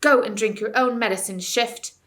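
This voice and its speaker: A woman voicing a bold young king who shouts commands to his followers. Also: a little high, moderate pace, close to an everyday voice. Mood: commanding.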